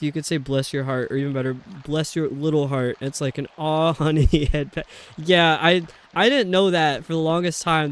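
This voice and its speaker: A man's voice: fairly high pitch, fairly bright tone, a little hiss or hum. A man streaming a video game, chatting casually and rambling with lots of fillers. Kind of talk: casual chat while playing a video game.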